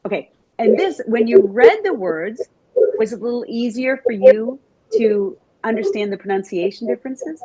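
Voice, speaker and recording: A middle-aged woman giving a lively conference talk to educators, chatting with the audience and asking them questions. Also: on the high side, normal speed, breathy edge, low-quality recording. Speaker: Montessori teacher trainer giving a talk.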